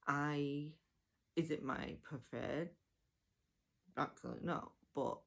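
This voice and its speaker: A woman giving a casual, chatty audiobook review, enthusiastic and full of fillers and self-corrections. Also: low-pitched.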